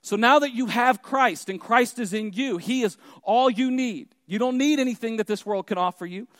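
A man's voice: very high-pitched, moderate pace, a bit bright, no echo, in a large hall. A man preaching a sermon as pastor, emphatic and repeating key phrases for effect.

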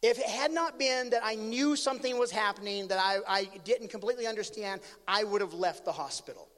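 High-voiced animated man preaching in a hall. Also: brisk. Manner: animated storyteller, swings between loud and hushed. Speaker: pastor. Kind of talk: sermon storytelling.

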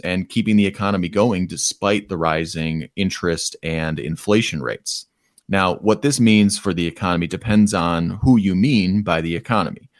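A man's voice: low-pitched, dry recording, clean studio sound. A man from the Detroit area hosting a podcast segment, giving casual, opinionated commentary on economic news with frequent ums. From Metro Detroit, USA. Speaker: podcast host.

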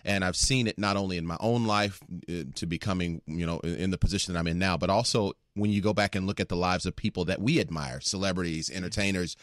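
A man who is a guest on a radio talk show, answering questions in a calm, measured, preacher-like way. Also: deep voice, no echo, clean studio sound.

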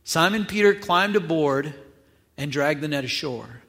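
Man, pastor, sermon, casual conversational delivery, slightly higher voice. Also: lively intonation, measured pace, a bit bright. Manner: casual, conversational retelling with acted asides.

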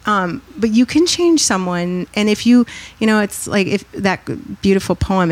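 A woman guest on a podcast, talking in a reflective, conversational way and growing animated when she tells stories. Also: mid-range voice, moderate pace, hardly any pauses. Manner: reflective, animated when telling stories, acts out quoted voices. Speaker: podcast guest, author and speaker. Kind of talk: conversational storytelling interview.

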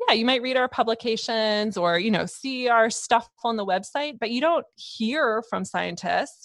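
A woman hosting a podcast, telling a story in a casual, animated way, with lots of "like" and a rising upspeak at phrase ends. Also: mid-range voice, no echo, studio quality. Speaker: podcast host. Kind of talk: casual chat.

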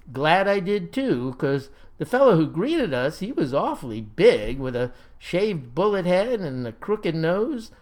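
A man narrating a comic story in a folksy, deadpan manner. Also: a little high, unhurried, hardly any pauses.

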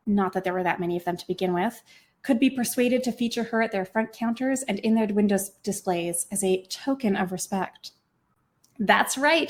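A woman author and podcast host reading her own novel aloud with expressive, lively storytelling. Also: mid-range voice.

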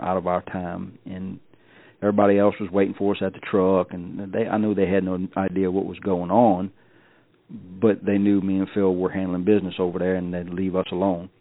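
A low-pitched man with vocal fry tells a personal story as a podcast guest, speaking in a folksy way and often repeating or restarting his words. The recording is dry, with a tinny, phone-like sound.

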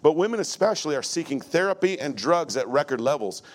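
A man's voice: on the high side, lively intonation, quick pace. A male pastor preaching a sermon in a church before a congregation, blunt and emphatic with joking asides.

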